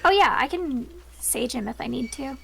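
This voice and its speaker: A woman's voice: sits high, expressive, moderate pace, vocal fry, sharp tone, slightly rough. A woman playing an online game with friends, playful and self-mocking, with sarcastic asides. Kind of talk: casual gaming chat. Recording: game music behind the voice.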